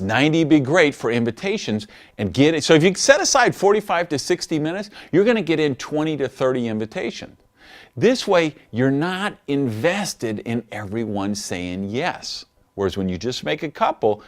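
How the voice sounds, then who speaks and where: A man giving a recorded training lesson on network marketing, coaching in an animated way and acting out phone calls. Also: medium pitch.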